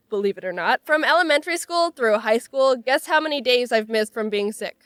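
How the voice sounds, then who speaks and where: A young woman with a stuffy, nasal voice from a cold, narrating funny stories with sarcastic, animated delivery. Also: fairly high pitch, smooth, dry recording, studio quality. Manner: animated, sarcastic, quick jokes. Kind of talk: comedic storytelling narration.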